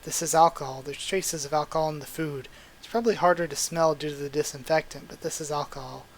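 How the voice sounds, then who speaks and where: A man's voice: a little high, steady tone, fast talker. A man reading a huge stern nurse.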